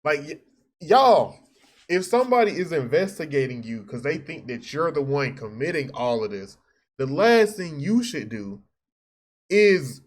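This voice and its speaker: A man's voice: on the high side, big pitch swings, a little slow. Man reacting with blunt, joking asides. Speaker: reaction host. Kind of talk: casual reaction commentary.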